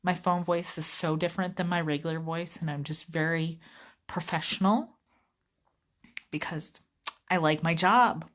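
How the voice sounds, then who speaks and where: A woman's voice: low-pitched, fairly even intonation, measured pace, long pauses. A woman giving a chatty, rambling vlog rant about her customer service job. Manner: chatty, rambling, easily sidetracked. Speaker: vlogger, customer service rep.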